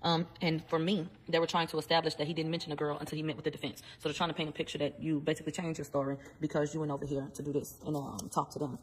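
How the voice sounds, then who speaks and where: A woman's voice: low-pitched, slight background noise, low-quality recording. A woman giving a casual commentary vlog, speaking bluntly and with a lot of profanity, talking straight to her viewers. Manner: quick, animated retelling of testimony. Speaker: vlogger giving trial updates.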